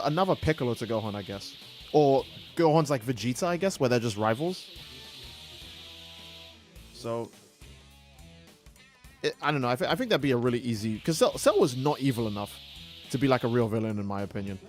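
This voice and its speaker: A man's voice: medium pitch, expressive, fairly quick, long pauses, faint music behind. A man streaming a video game who rambles casually and swears freely in his commentary. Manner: rambling and profane, acting out characters' lines. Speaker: gaming streamer.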